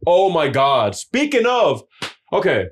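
A young man co-hosts a podcast, telling long, rambling stories in casual chat and swearing often. His voice is on the high side, slow, with wildly swooping pitch.

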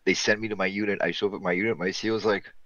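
Low-voiced middle-aged man, wry and profane. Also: level tone, very fast, fairly bright tone, dry recording. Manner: wry, swears freely, laughs through stories. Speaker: guest, Army veteran. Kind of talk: casual chat, storytelling.

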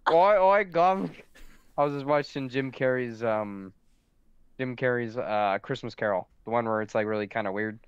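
A man's voice: on the low side, steady tone, normal speed, clear, resonant tone, no room sound, dull audio. A man co-hosting a podcast in casual, rambling chat. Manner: rambling, lots of fillers. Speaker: podcast co-host.

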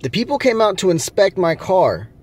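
A man's voice: sits high, very animated, moderate pace, darkish tone, husky. A man vlogging from a rental car, ranting angrily with lots of swearing. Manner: angry, profane ranting. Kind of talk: casual vlog rant.

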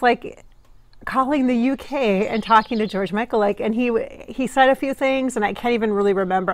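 Middle-aged woman vlogger, higher voice, giggly and gushing, dry close-mic sound. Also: dry recording. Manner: giggly, breathy and gushing, many fillers. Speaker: psychic medium vlogger. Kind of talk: gushing casual talk to camera.

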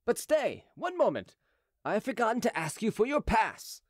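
A courteous gate officer who will not bend on the rules, read by a man in an audiobook. He sounds polite and firm. The voice sits fairly high, with a lively lilt, and the sound is dry. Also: fairly quick, no echo. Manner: courteous but unyielding.

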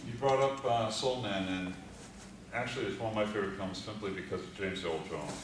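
A man's voice: fairly low pitch, brisk. A man in the audience asking an earnest question as a fan. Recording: echoey hall from far off, noisy.

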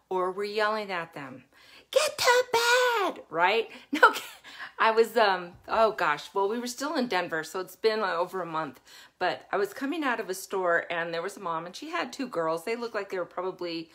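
A woman's voice: fairly low pitch, a bit bright. A woman hosting a live parenting session in a casual, chatty way. She laughs often while telling stories and asks her listeners rhetorical questions.

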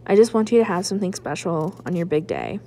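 A woman reading aloud, voicing a stern older female piano teacher who speaks with a gentle teasing warning. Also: on the low side, very animated, quick pace, a little hiss or hum.

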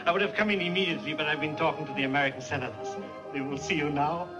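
A man's voice: a little high, rapid-fire, lo-fi sound, natural voice. A man playing a gushing minister. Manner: effusive, gushing. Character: fawning, excitable European cabinet minister. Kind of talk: 1950s film acting. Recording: 1950s film soundtrack with loud music.

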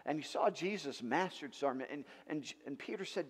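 A male pastor preaching a sermon in an animated way, with rhetorical questions and emphatic outbursts. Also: a little high, moderate pace, few pauses, husky, in a large hall. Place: church sanctuary.

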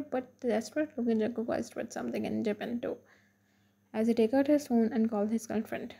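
A woman reading a fan fiction story aloud in plain, even narration. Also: on the high side, fairly quick, gravelly, slightly rough.

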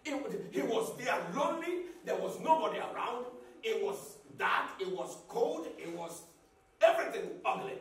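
A man preaching a sermon as a pastor, repeating phrases and building up to shouts. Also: very high-pitched, expressive, moderate pace, slight background noise. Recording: echoey hall, mic at a distance.

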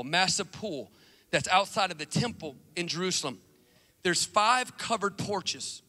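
Animated high-voiced preacher in a big hall. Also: male voice. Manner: animated storytelling, acts out movie scenes. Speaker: pastor. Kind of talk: lively sermon. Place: church sanctuary. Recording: long reverb of a large church hall.

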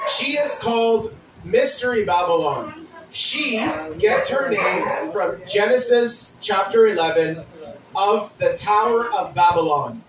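A man preaching a sermon, reading scripture aloud with deliberate pauses and restarts. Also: high-pitched, animated, echoey room, recorded from a distance, noisy background. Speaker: pastor.

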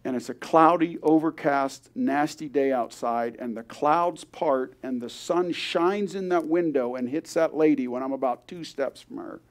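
A man's voice: fairly high pitch, measured pace, few pauses. An older man, a grandfather, telling an earnest story at a church service, acting out the voices of the people he quotes. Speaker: guest speaker.

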